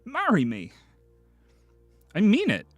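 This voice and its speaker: Male streamer, casual live chat, animated delivery, frequent swearing. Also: high-pitched, slow, no room sound, soft background music. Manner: excitable, swears often, thanks viewers.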